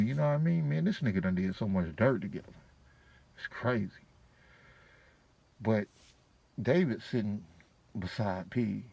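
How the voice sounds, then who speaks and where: A man's voice: lowish voice, gravelly, dark tone, husky, lo-fi sound. A man telling a casual personal story to his viewers, slangy and profane with a laid-back delivery. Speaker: vlogger.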